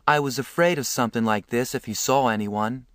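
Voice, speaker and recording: A man narrating a novel aloud in a measured, earnest voice. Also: medium pitch, fairly bright tone, no room sound, studio quality. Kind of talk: audiobook reading.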